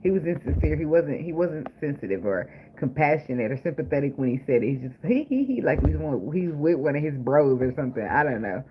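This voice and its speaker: Man, casual tarot reading, blunt and profane, joking, fairly high voice, noisy recording with clicks. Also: very animated, a little fast, hardly any pauses, highs cut off. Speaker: tarot reader.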